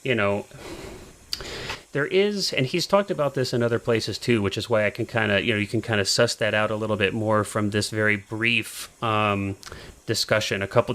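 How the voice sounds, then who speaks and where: A man's voice: on the low side, fairly bright tone. A man co-hosting a film podcast, chatting casually and enthusiastically about filmmaking, with frequent restarts. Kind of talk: casual chat.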